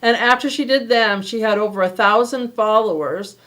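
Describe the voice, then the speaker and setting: Higher-voiced woman telling a story. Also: moderate pace, a bit bright. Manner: storytelling, teasing. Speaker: co-host. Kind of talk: casual chat.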